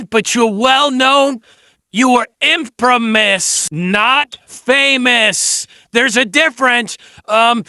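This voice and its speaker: A man's voice: very high-pitched, bright, forceful tone, no room sound. A man hosting a commentary video, mocking and lecturing in a sarcastic tone with some ums. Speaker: commentary host.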